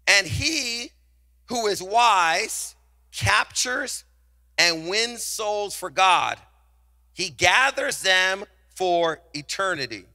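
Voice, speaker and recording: A middle-aged man preaching from the pulpit, his voice high and ringing with a very bright, cutting edge. He drives his sermon with passion and keeps calling on the congregation to repeat his words back to him. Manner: passionate, call-and-response preaching. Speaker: pastor.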